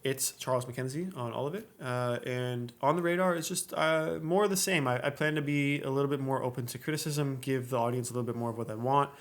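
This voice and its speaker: A man's voice: medium pitch, brisk, few pauses. Candid young man guesting on a podcast. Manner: casual, heavy swearing, many fillers. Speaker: podcast guest, content creator.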